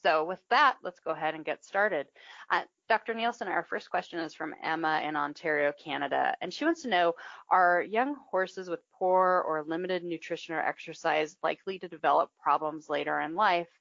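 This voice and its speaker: A woman hosting a live show, reading out a listener's question in a measured, announcing way. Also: deep voice, gravelly, a bit bright, no room sound. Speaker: host. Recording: dry, slightly dull sound.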